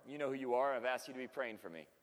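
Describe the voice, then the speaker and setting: A man's voice: medium pitch, racing. A man preaching a casual, joking sermon to a group, chatty and often laughing. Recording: long hall reverb.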